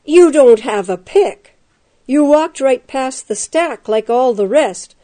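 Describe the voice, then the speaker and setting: A woman voicing an angry male prison guard who barks and shouts his orders. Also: high-pitched. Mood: furious. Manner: barking, loud, drawn-out shouts.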